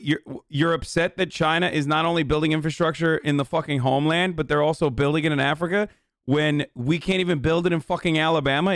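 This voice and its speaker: Heated, foul-mouthed male streamer in his thirties, a bit high-pitched, dry close mic. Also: no echo. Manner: heated, sarcastic, swears often. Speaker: streamer reacting to a news clip. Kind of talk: profane political commentary.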